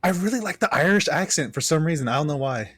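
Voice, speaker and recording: A man's voice: on the high side, animated, quick pace, a bit bright. A man joining a podcast chat, easygoing and laughing between remarks. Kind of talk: casual chat.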